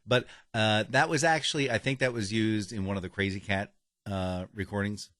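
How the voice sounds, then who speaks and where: A male podcast co-host reads a sponsor spot during casual chat, rambling and cutting himself off as he goes. His voice is fairly low and fairly bright, with fairly even intonation at normal speed. The studio-quality audio has no echo.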